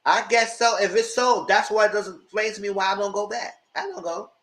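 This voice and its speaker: A man's voice: high voice, a little fast, a bit bright. A man giving a casual live review of a reality TV show, retelling scenes with exasperation and cursing.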